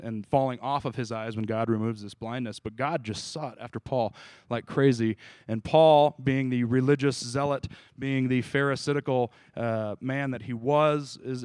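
A man's voice: mid-range voice, a little mellow, no echo. A man preaching an informal sermon, talking casually and asking his group questions as he goes. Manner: casual, conversational, asks the group questions, restarts. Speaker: pastor.

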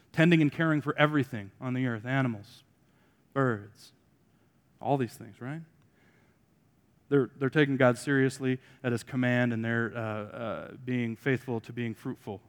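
A man preaching to his congregation, throwing in wry jokes between points. His voice swings from loud emphatic lines to quiet asides, sitting at an ordinary middle pitch. The sound carries a long reverb from the hall. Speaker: pastor. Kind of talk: sermon.

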